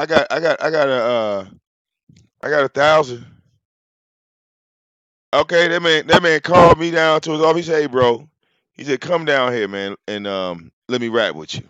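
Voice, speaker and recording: A man, telling a story casually to his audience. He talks in an animated, profane way, often repeating words and restarting his sentences. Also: on the high side, no room sound, dull audio. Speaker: channel host.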